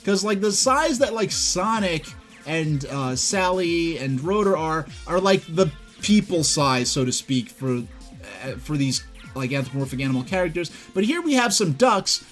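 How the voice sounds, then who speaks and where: Guy reading comics out loud on stream, lots of asides, a bit high-pitched, quiet music in the back. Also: expressive, normal speed. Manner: rambling, hesitant, full of asides. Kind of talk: casual commentary and reading aloud. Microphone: desk mic at computer.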